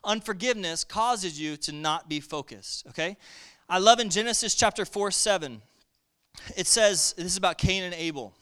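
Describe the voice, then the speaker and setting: A man preaching a sermon with lively energy, calling on the congregation to respond. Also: high-pitched, normal speed, clean tone.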